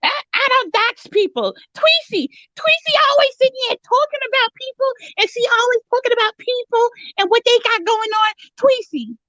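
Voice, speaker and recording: A woman plays a crude, boastful woman from Philadelphia with a Philadelphia accent, pitched very high in a mock interview sketch. Every answer comes out combative. The recording is dull and lo-fi with a dry sound. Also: lively intonation, normal speed, hardly any pauses, a bit bright, dry recording. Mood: defensive. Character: brash foul-mouthed Philadelphia woman interviewee.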